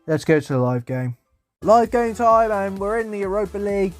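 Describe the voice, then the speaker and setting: A young man giving casual commentary over football game highlights, exasperated and swearing about his team. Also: moderate pace, faint music behind. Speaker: gaming YouTuber.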